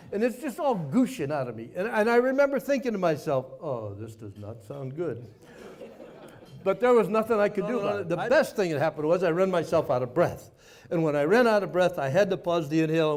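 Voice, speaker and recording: An older man giving a speech to a live audience, telling a war story in a folksy, self-mocking way with dramatic pauses. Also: a little high, a little mellow. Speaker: guest speaker, former Navy pilot. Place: party venue before a live audience.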